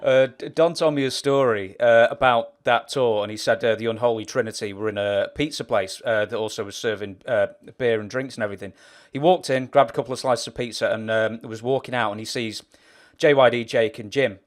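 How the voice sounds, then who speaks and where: A relaxed interviewer, a man with a middle-range voice, passes along a story in casual chat. He laughs easily as he tells it. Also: medium pitch, brisk.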